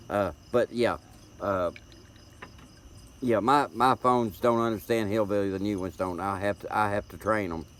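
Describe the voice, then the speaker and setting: This livestream host, a middle-aged Tennessean with a Southern accent, talks a little slowly in a fairly low, steady voice and pauses often. He rambles casually and folksily, repeating words. Recorded on a tablet's built-in mic, the audio has a little hiss or hum.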